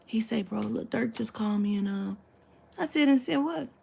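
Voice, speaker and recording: Gravelly, husky woman telling a story. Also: fairly high pitch, moderate pace, a little mellow. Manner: acts out quoted dialogue, swears freely, drops into whispers. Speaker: spiritual reader telling a client story. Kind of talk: casual storytelling monologue.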